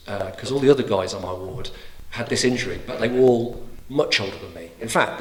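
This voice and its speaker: Animated middle-aged man doing stand-up. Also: mid-range voice. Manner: animated storytelling with frequent restarts and fillers. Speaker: stand-up comedian. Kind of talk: stand-up comedy. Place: theatre stage before a live audience.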